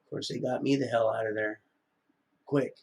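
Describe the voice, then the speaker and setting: A man's voice: medium pitch, fairly even intonation, moderate pace, a little mellow. A middle-aged man rambling through a live-stream monologue, often wandering off topic. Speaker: livestreamer.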